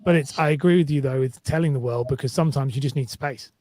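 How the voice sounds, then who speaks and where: A young man co-hosting a podcast, talking sympathetically in a quick, halting way. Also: medium pitch, darkish tone, dry recording. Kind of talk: casual conversation.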